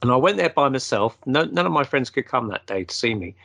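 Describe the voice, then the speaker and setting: A man's voice: medium pitch, animated, brisk, gravelly, fairly bright tone, no room sound. A man hosting a paranormal show, telling long, rambling anecdotes in casual conversation.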